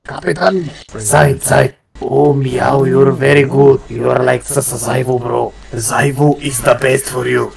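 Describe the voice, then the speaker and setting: A man's voice: medium pitch, steady tone, measured pace, creaky, a loud crowd. A man trolling other players over in-game voice chat, crude and boastful in broken English. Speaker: gamer trolling online players.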